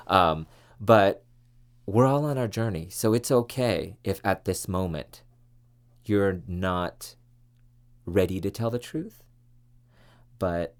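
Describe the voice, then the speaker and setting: A man's voice: deep voice, gravelly. A man who hosts a podcast and was once a TV reporter, telling his life story in an earnest, reflective way with many fillers. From California, US. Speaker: podcast host, former TV reporter. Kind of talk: personal storytelling monologue.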